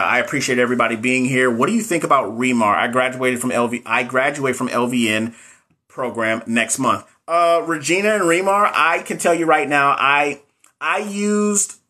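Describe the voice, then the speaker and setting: A man's voice: medium pitch, sharp tone, husky. A man coaching nursing exam takers in a casual livestream, candid and rambling with many restarts. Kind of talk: casual livestream chat answering viewers.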